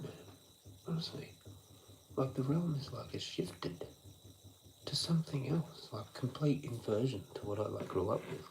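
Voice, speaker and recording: A man's voice: mid-range voice, expressive, normal speed, long pauses, darkish tone, slight background noise, rough recording. A young man ranting on a livestream, swearing a lot and circling through frustrated philosophical thoughts. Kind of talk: rambling late-night livestream rant.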